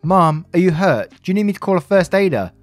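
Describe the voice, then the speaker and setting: A man's voice: high-pitched, animated, a little fast, no echo, soft background music, pitched above the performer's own voice. A man voicing a polite, nervous young woman working as a museum receptionist. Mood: anxious polite. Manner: polite, anxious, helpful.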